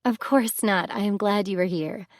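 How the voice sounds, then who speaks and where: A woman with a mid-range voice, close to everyday speech, talks at a moderate pace in clean studio sound with no echo. She voices a young goddess heroine in an earnest, direct way.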